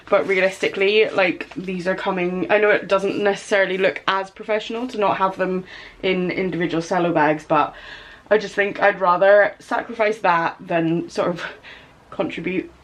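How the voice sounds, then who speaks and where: Excitable woman vlogging. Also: fairly low pitch, brisk. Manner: gushing and excitable, chatty asides. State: out of breath in places. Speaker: small business owner, vlogger. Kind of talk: casual vlog chat. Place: home studio office.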